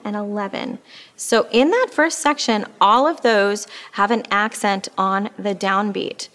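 A woman teaching an oboe lesson, explaining patiently and with frequent fillers. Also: fairly high pitch. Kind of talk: instructional music lesson.

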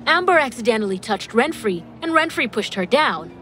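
A woman's voice: fairly high pitch, sing-song, brisk, fairly bright tone, a little hiss or hum, voice pushed up. A woman reading the lines of a cold, accusing young man in a storybook.

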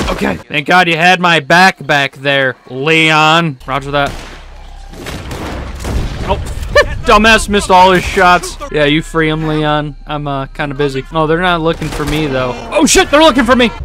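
Male gaming host, snarky and loud, a little high in pitch, music running clear behind. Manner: excitable and sarcastic, yelling and swearing at the game. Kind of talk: casual gameplay commentary. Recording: over loud game music. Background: game music.

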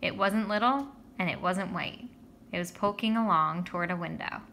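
A woman narrating a children's story in the first person with a lively, expressive reading. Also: fairly low pitch, normal speed, vocal fry, slight background noise. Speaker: audiobook reader.

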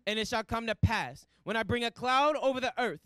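A man reading scripture verses aloud in a measured, deliberate way. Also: extremely high pitch, lively intonation, fairly bright tone, clear, resonant tone, no room sound. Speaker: scripture reader.

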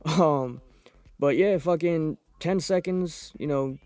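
A young man hosting a podcast, reviewing fights in a profane, rambling, excitable casual monologue. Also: fairly high pitch, slow pace, no room sound. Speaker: podcast host.

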